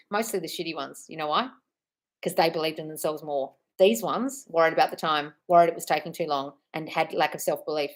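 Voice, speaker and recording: A woman's voice: low-pitched, fairly quick. A woman hosting a live stream as a manifestation coach, reading viewer comments aloud, swearing freely and calling viewers darling. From United Kingdom.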